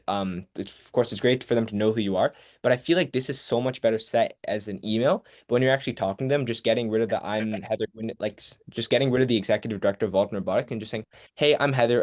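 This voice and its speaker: A teenage boy with a lowish voice gives friendly, loose feedback on pitches during an online session. He talks casually, with plenty of fillers and restarts. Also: darkish tone. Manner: casual, encouraging, many fillers. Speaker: workshop presenter.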